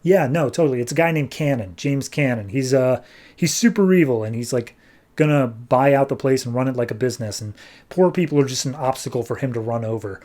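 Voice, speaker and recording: A man's voice: medium pitch, brisk, darkish tone, close to an everyday voice. A man voicing a cool, aloof storm-wielding woman. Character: calm female storm-powered outlaw, aloof.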